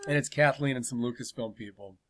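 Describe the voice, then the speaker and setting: A man's voice: medium pitch, a little fast. A man hosting a comedy podcast, telling a crude story with plenty of swearing and laughter.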